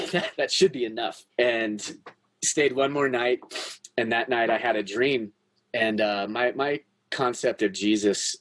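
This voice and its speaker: A man who is a podcast guest, telling a personal story in a candid, earnest way with frequent swearing. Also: on the low side.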